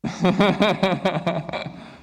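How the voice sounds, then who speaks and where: A man runs an interactive teacher-training session in a somewhat high voice, upbeat and encouraging. He gives quick instructions to the room. His voice rings with the long reverb of an echoey conference hall. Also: fairly even intonation, creaky. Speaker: workshop presenter for English teachers.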